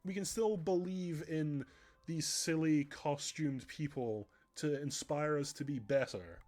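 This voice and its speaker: A man's voice: fairly high pitch, unhurried, a little mellow. A man chatting earnestly on a stream, rambling with frequent restarts.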